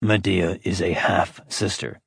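A man voicing a calm, stoic immortal man who speaks in a dry, flat tone. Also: lowish voice, moderate pace, breathy edge, no echo.

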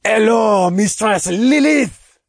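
A man's voice: sits high, expressive, slow pace, creaky, husky, dry recording, clean studio sound, voice pushed up, heavily acted. Man doing an old-school French pilot, thick accent, courtly. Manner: courtly and polite.

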